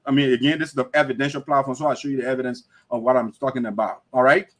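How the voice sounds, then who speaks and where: A man's voice: medium pitch, fairly even intonation, very fast, a bit bright. A man hosting an online talk show, lecturing emphatically in livestream commentary. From Liberia.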